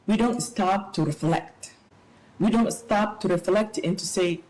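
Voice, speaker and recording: A middle-aged woman speaking as an interview guest, giving animated, preachy advice with playful asides. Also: mid-range voice, a little slow, rough recording. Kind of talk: casual interview talk.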